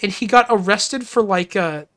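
A woman game streamer chats off the cuff with her audience, rambling from one thought to the next. She laughs easily and gets flustered, her voice sitting at a middling pitch. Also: normal speed, a bit bright. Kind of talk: casual livestream chat.

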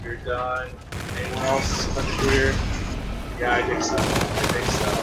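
A young man giving casual, profane, excitable commentary on his own gameplay, talking to viewers. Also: medium pitch, takes it slowly, very noisy. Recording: loud game gunfire behind.

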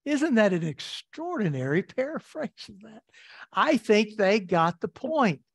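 A middle-aged male pastor preaching a midweek sermon, reading scripture slowly and deliberately with lively asides. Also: high voice, breathy edge, dry recording. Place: church sanctuary.

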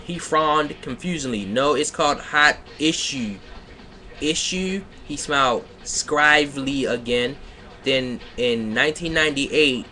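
A man's voice: mid-range voice, sharp tone, a little hiss or hum. A man giving a comedic reading of a badly written story, breaking off to mock it in sarcastic asides. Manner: sarcastic, breaks off to rant and laugh. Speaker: reader mocking a fan fiction. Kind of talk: comedic dramatic reading with commentary.

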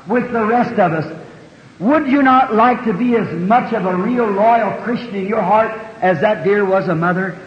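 A man preaching a sermon, telling a story in a folksy country way with plain homespun grammar. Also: high voice. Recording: dull, echoey 1960 hall recording.

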